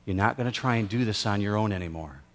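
A man preaching a sermon as pastor, slow and emphatic, with dramatic pauses. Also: fairly low pitch.

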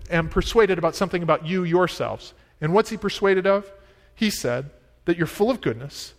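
A man preaching a sermon, teaching conversationally and voicing the apostle's words with rising emphasis. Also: high-pitched. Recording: long hall reverb.

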